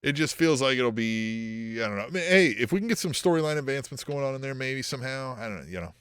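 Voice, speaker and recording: A man's voice: medium pitch, expressive, fast, fairly bright tone, smooth, no room sound, clean studio sound. A man co-hosting a wrestling podcast, chatting in a laid-back, hesitant way. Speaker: podcast co-host. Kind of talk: casual wrestling chat.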